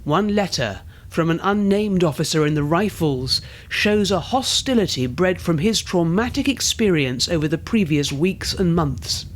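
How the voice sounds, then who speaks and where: A man narrating a documentary in an even, measured, scripted way. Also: a little high, a little hiss or hum.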